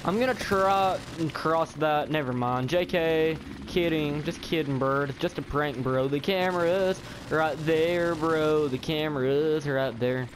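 Excitable young man narrating gameplay. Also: on the high side, unhurried, few pauses, background noise. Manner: excitable, rambling, repeats exclamations. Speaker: gaming YouTuber. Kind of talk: live gameplay commentary. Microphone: headset or desk mic.

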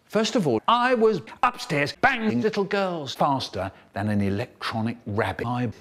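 A man's voice: a little high, expressive, normal speed, few pauses, fairly bright tone, slight background noise. A man telling a comic story in a theatrical style, his voice swooping up and down. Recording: edited clips from older recordings.

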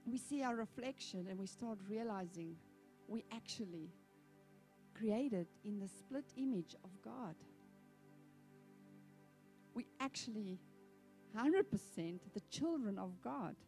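A woman pastor preaching a sermon in an animated, conversational storytelling manner. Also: fairly high pitch, slow, long pauses, soft background music.

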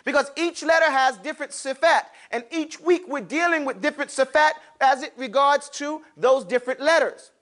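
A very high-pitched male teacher moves at a moderate pace with few pauses as he runs an Arabic alphabet class. He's lively, throws in slang, calls on students, and asks questions he sometimes answers himself.

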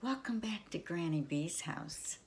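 An older woman reading a picture book aloud to children, in a playful sing-song way with sudden soft whispers. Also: lowish voice, expressive, unhurried, slight background noise. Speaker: children's storyteller.

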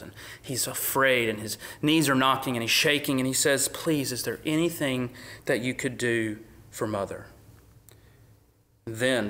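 A man preaching a sermon, shifting between loud, emphatic peaks and hushed whispers, with a conversational, casual way of talking. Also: medium pitch. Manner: conversational, uses "like" often. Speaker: pastor.

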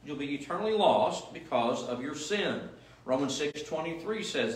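A man's voice: a little high, lively intonation, normal speed, hardly any pauses, slight background noise. A male pastor preaching a sermon in an emphatic, repetitive style full of rhetorical questions, heard in a church. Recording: echoey room, mic at a distance.

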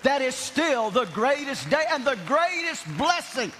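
A man preaching a revival sermon, shouting with animated, self-mocking humor in a large church. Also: very high-pitched, measured pace, some chatter behind, a little hiss or hum. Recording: long hall reverb in church.

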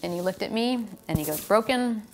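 An American woman, a professional cyclist, telling a story in a casual, animated way and acting out the lines people said to her. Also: lowish voice, fast talker, creaky, slight background noise. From United States. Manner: animated, relives the scene with quoted lines.

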